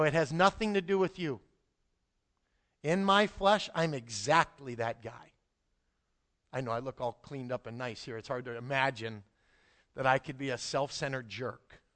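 A pastor delivers his sermon in a high, bright male voice. He talks to the congregation like a friend, checking in again and again, then rises to loud, emphatic peaks before dropping into soft, low asides. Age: adult, married father. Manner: conversational, keeps checking in with the congregation.

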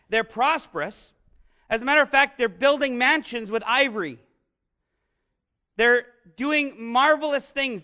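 High-voiced, bright pastor preaching. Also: male voice. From northern United States. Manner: conversational, asks the congregation questions, jokes. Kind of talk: sermon.

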